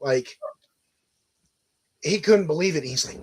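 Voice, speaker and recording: A man's voice: medium pitch, lively intonation, measured pace, husky, rough recording. A middle-aged man, a guest on a casual live stream, telling long, rambling, profane stories with lots of restarts.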